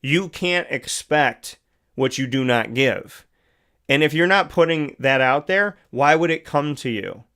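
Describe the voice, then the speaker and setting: A man's voice: on the high side, lively intonation, a little slow, a bit bright. Earnest preachy male radio host. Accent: Central New York. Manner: earnest, preachy and conversational with repeated phrases. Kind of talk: motivational monologue.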